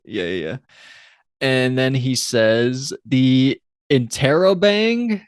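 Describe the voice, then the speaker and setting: A man in his twenties co-hosting a podcast, chatting casually with quick, joking banter and some swearing. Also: mid-range voice, lively intonation, smooth, no room sound, clean studio sound. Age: 20s. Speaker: podcast co-host. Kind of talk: casual chat.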